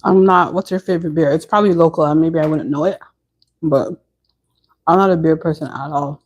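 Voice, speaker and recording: A woman in the middle of a relaxed home live stream, chatting away with her viewers. She answers their comments as they come in, in an easygoing, conversational way. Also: sits low, fairly quick, muffled recording.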